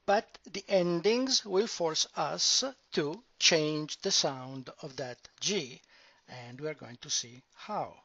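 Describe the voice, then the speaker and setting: A man teaching a grammar lesson, explaining slowly and deliberately and drawing out example words. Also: a little high, pushed and bright, slightly rough, no room sound. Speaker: language teacher. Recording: dull, dry lo-fi sound.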